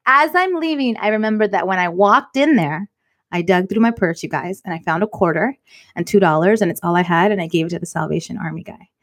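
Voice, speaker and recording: A woman co-hosting a casual podcast, telling an animated story full of "like" and "you guys". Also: lowish voice, brisk. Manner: animated storyteller, heavy use of "like". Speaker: podcast co-host.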